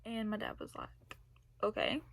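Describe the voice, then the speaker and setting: Young woman, gravelly storytime chat. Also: medium pitch, huge pitch swings, measured pace, slight background noise. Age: young adult. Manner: chatty, rambling, laughs between phrases. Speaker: vlogger. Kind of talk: casual storytime vlog.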